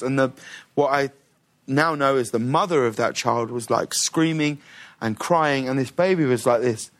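A man appearing as a talk show guest spins an animated story in a TV studio, restarting often and acting out quotes. He speaks at a measured pace with a medium-pitched voice.

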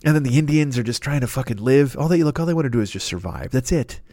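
Brief: man, 50s, host doing a profane, rambling comic rant, rapid, dry mic. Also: mid-range voice, lively intonation, dark tone, no echo. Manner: profane, rambling, self-interrupting. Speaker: podcast host. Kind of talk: comedic rant monologue.

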